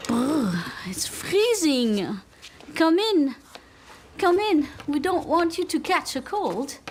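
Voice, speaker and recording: An actress voicing a welcoming Parisian woman in a game trailer, with a put-on French accent and breathy shivering asides. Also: sits high, very animated, takes it slowly, slight background noise, exaggerated voice.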